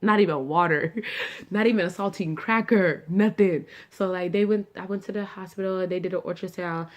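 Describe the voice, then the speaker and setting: A woman's voice: on the low side, fairly even intonation, normal speed. A young adult woman vlogging, telling her own story in a casual, chatty way, full of fillers and asides to viewers. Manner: chatty, filler-heavy, addresses viewers as y'all.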